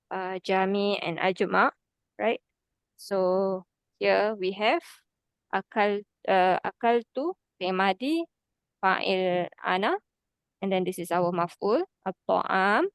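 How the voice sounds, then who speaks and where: A woman's voice: medium pitch, gravelly, no echo. A woman, teaching an Arabic grammar class patiently, step by step, with frequent "okay"s. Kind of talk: online class explanation.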